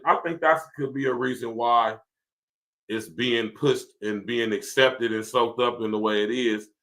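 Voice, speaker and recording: A man with a pushed, bright, mid-range voice hosts a podcast livestream full of casual, profane ranting, laughing frequently as he reads viewer comments aloud.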